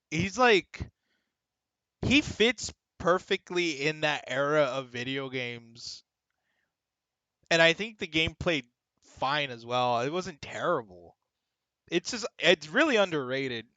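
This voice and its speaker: Young male streamer, somewhat high pitched, excitable casual chat with viewers, heavy swearing. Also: slow, no room sound, muffled recording.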